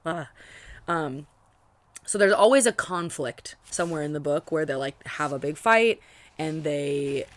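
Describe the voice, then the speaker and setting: This low-pitched, animated young woman talks at a measured pace with no echo. A book vlogger, she gives a casual, rambling reaction to her current read, full of fillers and restarts.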